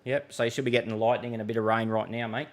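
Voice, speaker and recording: A man's voice: lowish voice, fairly even intonation, racing. Aussie guy running a live weather chat, middle-aged, loose and rambly, lots of ums. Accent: Australian. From Australia. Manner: loose, rambling, with many fillers and restarts. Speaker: weather livestream host. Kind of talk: casual live chat reading viewer comments.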